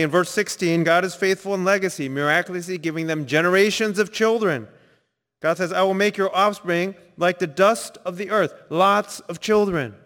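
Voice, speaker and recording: A man preaching a sermon, telling a personal story, sometimes quiet and reflective, sometimes emphatic. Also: sits high, big-room sound. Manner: storytelling, shifts between soft reflective and emphatic. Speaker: pastor. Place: church sanctuary.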